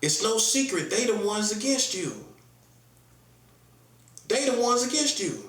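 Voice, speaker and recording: A man's voice: high-pitched, very animated, measured pace, a bit bright, echoey room. A man from North Carolina with a Southern accent, preaching in a casual, emphatic monologue full of rhetorical questions and slang. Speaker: prophet.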